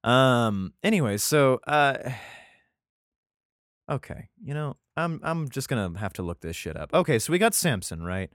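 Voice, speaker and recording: A man's voice: mid-range voice, big pitch swings, unhurried, a bit bright, dry recording. Foul-mouthed guy ranting through his podcast, voice jumps all over, super dry sound. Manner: profane, rambling, exasperated asides. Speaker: podcast host. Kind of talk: casual Bible reading podcast.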